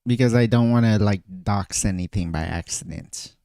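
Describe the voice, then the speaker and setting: A man's voice: lowish voice, moderate pace, warm tone, no echo, studio quality. A man streaming casually, thinking aloud, often trailing off and restarting his phrases. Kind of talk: casual livestream chat.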